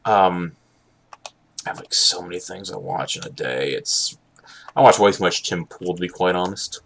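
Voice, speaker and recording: A young man chatting casually while live streaming, rambling and halting with many restarts and an occasional sarcastic aside. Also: low voice, vocal fry, a bit bright, a little hiss or hum. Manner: candid, sarcastic at times.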